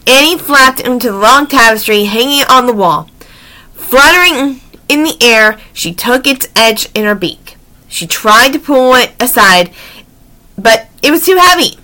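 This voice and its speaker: Woman reading kids' stories out loud, bright voice, super expressive and chatty. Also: on the high side, measured pace. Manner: animated, expressive, chatty asides. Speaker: story reader. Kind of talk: reading children's books aloud.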